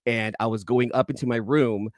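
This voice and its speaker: A man's voice: mid-range voice, steady tone, no echo, studio quality. A man hosting a casual comic-book haul vlog, rambling with many restarts and asides to viewers. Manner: rambling, self-interrupting, quick asides to viewers in live chat. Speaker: YouTube comic collector host.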